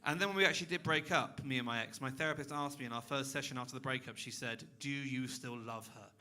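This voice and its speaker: A young man doing a stand-up comedy set on a club stage, sarcastic and deadpan, bursting into loud rants at a man in the crowd. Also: medium pitch, racing. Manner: sarcastic, deadpan then suddenly loud and ranting at an audience member.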